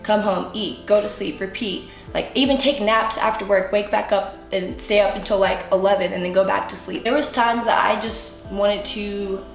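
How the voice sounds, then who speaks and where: Young woman vlogger, creaky vocal fry, chatty "like"-heavy confessional talk, echoey room, faint music under. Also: mid-range voice, fairly even intonation, normal speed, few pauses. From United States. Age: 20s. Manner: candid, filler-heavy talk with frequent "like". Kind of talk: personal storytelling to camera.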